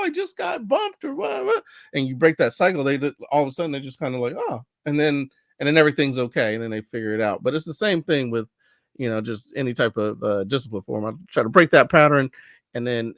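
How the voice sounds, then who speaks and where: A man hosting a podcast, chatting casually and telling stories with animated voices. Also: medium pitch, dry recording, studio quality. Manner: animated storyteller, acts out voices. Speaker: podcast host. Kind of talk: casual conversation.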